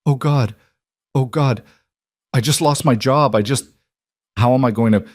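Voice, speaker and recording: A man voicing a frightened young single mother, crying and breathless, in halting sentences. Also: medium pitch, very animated, darkish tone, dry recording, studio quality. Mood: panicked.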